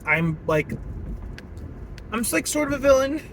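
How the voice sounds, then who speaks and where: A young man ranting casually while driving, animated and laughing often. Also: extremely high pitch, a little slow, low-quality recording. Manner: animated, laughing often, puts on silly voices. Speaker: vlogger. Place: in a car at a stoplight. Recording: car and traffic noise behind.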